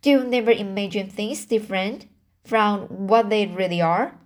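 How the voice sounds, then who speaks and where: A woman's voice: mid-range voice, normal speed, lightly acted. A woman reading aloud and voicing an eager, emotional orphan girl in a raised, imploring voice. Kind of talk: amateur audiobook reading.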